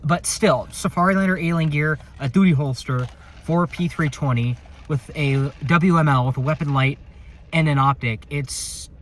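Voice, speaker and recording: Man, slightly higher voice, security guard vlog, rambling, joking, cusses a bit, phone mic in a car. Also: moderate pace. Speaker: security officer vlogger. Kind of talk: casual vlog while on patrol. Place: inside a patrol car at night. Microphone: phone camera in a car.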